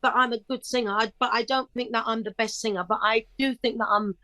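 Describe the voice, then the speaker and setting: A woman's voice: on the high side, fairly even intonation, fast talker, bright, forceful tone, no echo. A middle-aged woman talking as a guest in a casual interview, chirpy and upbeat, telling stories with animation. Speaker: guest singer.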